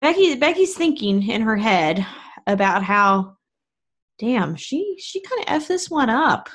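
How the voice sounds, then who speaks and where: A woman player narrating her character's moves in a tabletop game, with a playful touch. She speaks slowly, and her pitch swings widely. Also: big pitch swings, fairly bright tone, husky. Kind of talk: tabletop role-play narration.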